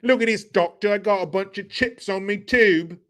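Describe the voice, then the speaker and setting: A man voicing a loud, cheeky Australian bloke in a put-on Australian accent, jokey and exaggerated. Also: high-pitched, normal speed, pitched above the performer's own voice.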